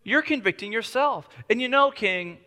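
A man's voice: very high-pitched, animated, moderate pace, pushed and bright, long reverb tail, pitched above the performer's own voice, full character voice. A man voicing a persistent, crafty widow who pleads with insistent, rising speech. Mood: coaxing.

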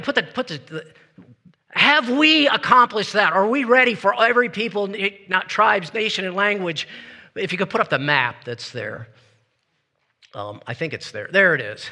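A man preaching a sermon as pastor, talking in a lively, conversational way and leading his congregation in call-and-response. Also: on the high side. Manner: lively, conversational, laughs between points. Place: church sanctuary with congregation. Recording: long hall reverb.

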